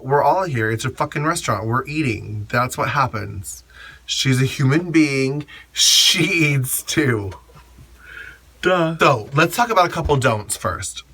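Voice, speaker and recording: A man who works as a drag performer and MC, giving blunt, sassy advice and acting out gushing fans in shrill voices. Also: sharp tone. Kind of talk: casual advice monologue.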